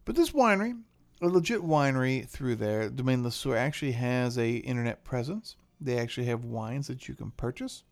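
A man's voice: medium pitch, lively intonation, a little fast. Joking man hosting a wine podcast. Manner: joking, rambling. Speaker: podcast host. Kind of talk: casual wine podcast chat.

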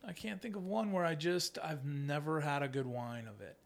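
Male co-host, gravelly, mid-pitched, easygoing and curious. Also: normal speed. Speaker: podcast co-host. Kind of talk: casual chat about wine.

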